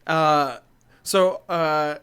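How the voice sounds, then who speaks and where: Man, podcast co-host, slightly high pitch, rambling, jokey, comedic recap. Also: steady tone, very slow, a bit bright, clear, resonant tone. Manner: rambling, jokey, does silly voices in quotes. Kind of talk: comedic movie recap chat.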